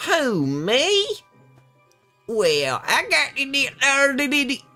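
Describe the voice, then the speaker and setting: A man putting on a high, squeaky voice as a twangy southern yokel, drawling his words. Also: huge pitch swings, takes it slowly, pushed and bright, soft background music, heavily acted. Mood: hammy. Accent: put-on American Southern.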